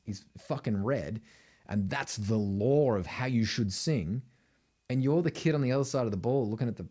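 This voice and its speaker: Brief: middle-aged Australian male vocal coach, lowish voice, punchy and blunt. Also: dark tone. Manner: emphatic, blunt, keeps adding "right?". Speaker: singing teacher. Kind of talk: vocal tutorial to camera.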